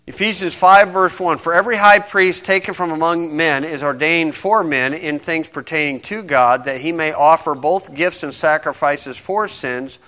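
A man's voice: fairly high pitch, moderate pace, hardly any pauses, pushed and bright. A man preaching a sermon to a congregation in a conversational way, asking his listeners questions as he reads verses. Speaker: pastor.

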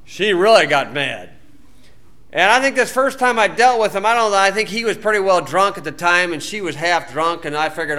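A man's voice: on the high side, a little fast, pushed and bright. A Baptist preacher man from the United States giving an informal sermon-style talk in a folksy, plain-spoken way with colloquial grammar.

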